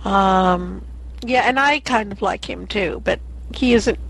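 A woman's voice: mid-range voice, slow, vocal fry, fairly bright tone, breathy edge, poor audio. A woman in a casual group discussion about narrators, speaking thoughtfully with frequent fillers.

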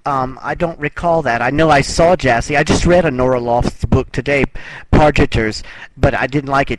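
Musing man on a noisy mic. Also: medium pitch. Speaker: book discussion group member. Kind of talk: casual group chat.

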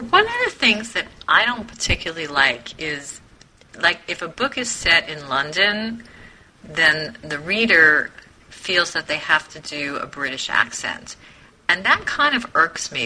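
A woman's voice: fairly low pitch, sharp tone, slight background noise, rough recording. A woman in a book club chat, giving her views in a frank, mildly irked way. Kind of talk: casual group chat.

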